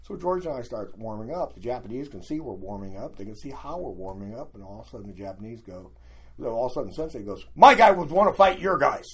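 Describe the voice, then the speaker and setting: An older man, a guest, telling lively anecdotes in a casual storytelling way and acting out what other people said. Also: lowish voice, quick pace. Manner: animated anecdotes, acting out quoted voices.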